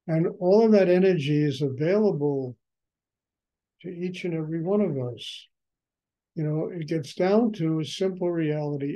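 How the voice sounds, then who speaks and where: An older man speaks as a spiritual teacher, very slowly and without hurry, his mellow, dark voice a little higher than most men's. He reflects by drawing out repeated phrases and leaning on "you know," and the audio quality is poor.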